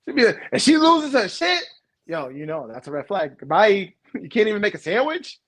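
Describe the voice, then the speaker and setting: A man's voice: high-pitched, sing-song, normal speed, a bit bright. A man co-hosting a casual podcast chat, laughing often and acting out the quoted voices in his stories. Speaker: podcast co-host. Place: home couch.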